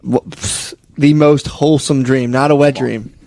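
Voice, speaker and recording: A man's voice: medium pitch, fairly even intonation, measured pace, creaky, darkish tone. A young man in casual chat, telling rambling, profane stories and saying "dude" constantly.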